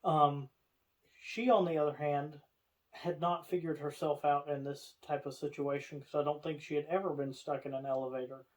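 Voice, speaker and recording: A man with a lilt spins a story for his podcast co-host. His voice sits a little high, and he keeps the telling loose and casual, jumping into the voices of the people he describes. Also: moderate pace. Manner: animated storyteller, acts out others' lines.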